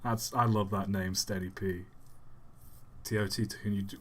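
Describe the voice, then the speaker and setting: A man's voice: lowish voice, steady tone, normal speed, a bit bright. A man hosting a live stream in a casual, chatty way, reading out viewers' messages and answering them offhandedly.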